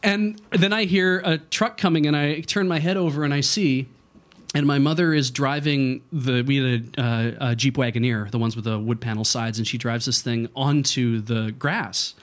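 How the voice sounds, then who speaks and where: Man, casual storyteller, animated, acts out quotes, laughs a lot, mid-pitched voice. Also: moderate pace. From Canada. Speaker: podcast co-host telling a story.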